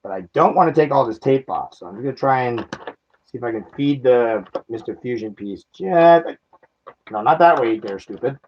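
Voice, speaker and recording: A man's voice: mid-range voice, lively intonation, moderate pace, muffled recording, slight background noise. A man chatting casually while unboxing a collectible toy car, self-mocking and laughing at himself.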